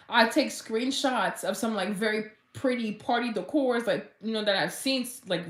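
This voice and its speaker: A woman fitness vlogger talking casually and gushing with excitement, full of "like" fillers. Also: mid-range voice, echoey room. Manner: gushing and chatty, heavy use of "like", and bursts of excitement. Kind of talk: casual motivational vlog talk.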